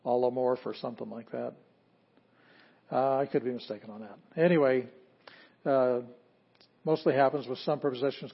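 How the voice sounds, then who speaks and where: A man giving an informal lesson on Greek pronunciation, relaxed and self-correcting, repeating words slowly to demonstrate them. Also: medium pitch, lo-fi sound. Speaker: Greek teacher. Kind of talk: informal classroom lecture.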